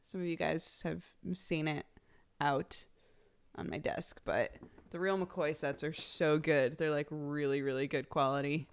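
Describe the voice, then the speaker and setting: A chatty woman streaming live, with a slightly low voice. She talks casually and giggles often between her words. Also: measured pace, clear, resonant tone. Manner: reads out subscriber thank-yous.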